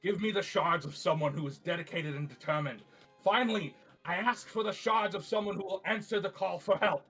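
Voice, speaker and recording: A man voicing an excitable young male summoner in a tabletop game, speaking a theatrical incantation. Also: high voice, a little fast, slightly rough, faint music behind, pitched above the performer's own voice, exaggerated voice, low-quality recording. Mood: solemn. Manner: theatrical incantation, builds to shouting.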